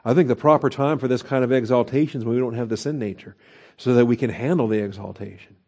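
Male Bible teacher, mellow tone, conversational expository delivery with fillers and rhetorical questions. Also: mid-range voice, quick pace. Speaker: pastor teaching Bible study.

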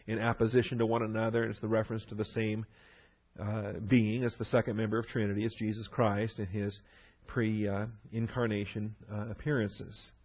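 A man's voice: on the low side, level tone, normal speed, dull audio. A man teaching through a Bible passage verse by verse, leaning hard on key words between fillers and restarts.

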